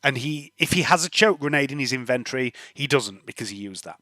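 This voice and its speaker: A man, narrating a tabletop game as game master, relaxed and trailing off with ums. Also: medium pitch, brisk, no room sound.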